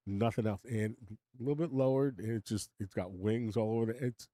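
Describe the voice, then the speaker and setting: A man's voice: fairly low pitch, fairly quick, warm tone, no room sound, clean studio sound. An older man hosting his own live stream, rambling and opinionated, chuckling as he talks to his chat. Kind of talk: casual live-stream monologue.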